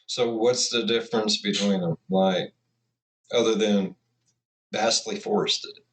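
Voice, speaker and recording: A man's voice: lowish voice, fairly even intonation, takes it slowly, poor audio. A man hosting a reaction video, talking casually and joking around between clips. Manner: joking, rambling, laughs often. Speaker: reaction channel host.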